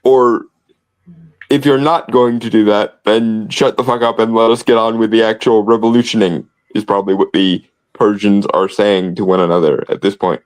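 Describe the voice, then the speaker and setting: A man's voice: lowish voice, steady tone, moderate pace, poor audio. A man co-hosting a podcast in casual commentary, sardonic and wordy, often restarting phrases. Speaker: podcast co-host.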